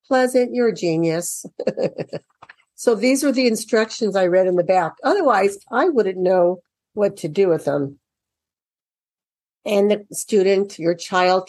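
A woman's voice: mid-range voice, darkish tone, dry recording, studio quality. A woman walking parents through a children's workbook in a casual explanatory way. She reads passages aloud and asks questions that she then answers herself.

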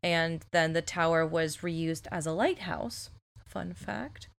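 A woman co-hosting a casual podcast, chatty and loose, swearing freely and filling pauses with ums. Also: sits low, gravelly. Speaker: podcast co-host. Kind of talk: casual chat.

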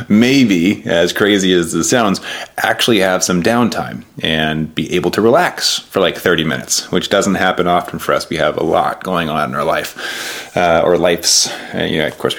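Earnest low-voiced man coaching. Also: a bit bright. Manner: earnest, rambling, often fills with "you know" and "right". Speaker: diabetes coach. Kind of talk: personal vlog talk.

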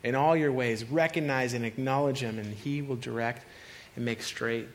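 A man's voice: medium pitch, normal speed, a little hiss or hum. A young man preaching a sermon in a casual storytelling way, often laughing and acting out the voices of the people in his stories. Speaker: pastor.

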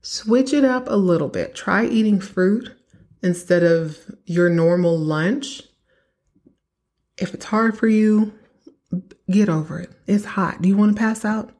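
A woman's voice: mid-range voice, a little slow, darkish tone. A young woman from Texas hosting her own podcast, chatting casually and giving emphatic advice straight to her listeners. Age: young adult. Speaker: podcast host. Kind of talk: casual solo podcast monologue.

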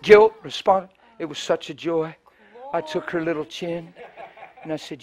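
A man with a high voice preaches by telling a story. He shifts between loud, emphatic lines and hushed, near-whispered passages, and he acts out the people he quotes. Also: fairly even intonation, moderate pace, heavy background noise. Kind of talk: storytelling sermon.

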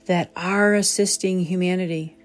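A woman hosting a reflective spoken talk as a medium, gentle and pausing to search for the right words. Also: lowish voice, steady tone, faint music behind. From southern New England. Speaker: psychic medium, host.

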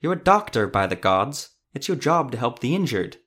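A man's voice: fairly low pitch, lively intonation, moderate pace. A man narrator voicing an earnest, principled male troubadour who speaks in a heartfelt, declaiming way.

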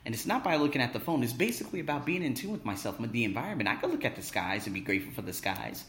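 A man talking in a casual vlog monologue, excitable, boastful and full of swearing, as an English teacher vlogger. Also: medium pitch, very fast, roomy sound.

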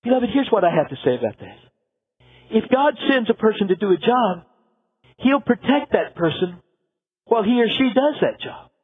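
A man's voice: high-pitched, very animated, moderate pace, pauses often, slightly rough. A man pastor preaching a sermon, telling a biblical story with dramatic flair and acting out the characters. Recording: tinny phone-like sound.

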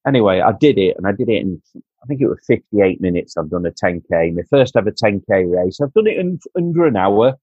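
On a narrow, tinny, dry recording, a Doncaster man with a Yorkshire accent earnestly relates personal experiences as a podcast guest. He repeats himself and calls the host mate. His lowish, slightly rough voice moves fairly quickly with lively intonation.

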